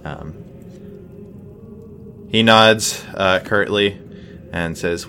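A man narrating as game master of a tabletop game, halting, with many fillers. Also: low-pitched, vocal fry, sharp tone, a little hiss or hum.

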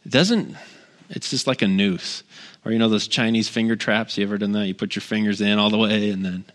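A man's voice: lowish voice, a little fast, a bit bright. A man in his thirties, a guest pastor giving a conversational sermon in a church, earnest and repeating key phrases for emphasis while talking straight to the congregation. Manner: talks directly to the congregation with asides.

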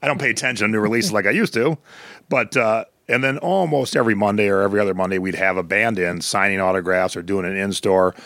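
Middle-aged male podcast co-host, lowish voice, dry close sound, animated storyteller. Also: fast talker, no room sound. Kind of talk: casual chat.

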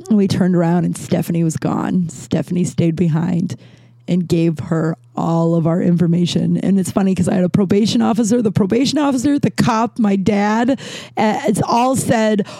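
Warm-voiced woman rambling through a story. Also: medium pitch, no echo. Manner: rambling, many fillers and restarts, swears casually. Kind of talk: casual personal storytelling. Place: at home with a cat nearby.

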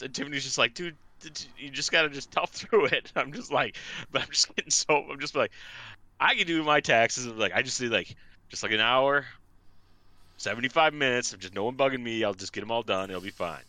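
A man in casual chat, telling an animated story, swearing freely and acting out both sides of each exchange. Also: medium pitch, brisk.

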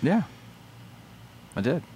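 A man's voice: slow, mellow. A man co-hosting a podcast, reading listener mail and chatting casually, laid-back and joking, with casual swearing. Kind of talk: casual chat.

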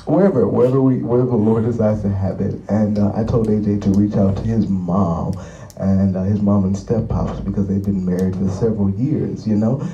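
A man's voice: lowish voice, fairly even intonation, a little fast, warm tone, dull audio. A man hosting a radio talk show, chatting casually and joking around. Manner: joking, playful. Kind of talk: casual chat. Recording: echoey room from far off with noise.

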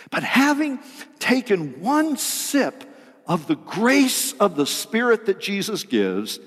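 A male pastor preaching a sermon to a congregation, animated and joking with them. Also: a little high, big-room sound.

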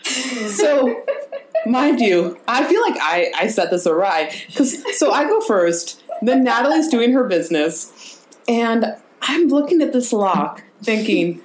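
A woman's voice: fairly high pitch, very animated, slow pace, a little hiss or hum. A woman co-hosting a casual chat, telling a funny story with laughter and then drawing a spiritual lesson from it. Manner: laughing storyteller turning reflective. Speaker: podcast co-host.

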